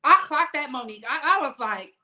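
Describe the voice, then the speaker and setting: High, bright-voiced sassy woman gossip host. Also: lively intonation. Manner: sassy, emphatic, drawn-out words. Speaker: celebrity gossip channel host. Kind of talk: casual gossip commentary.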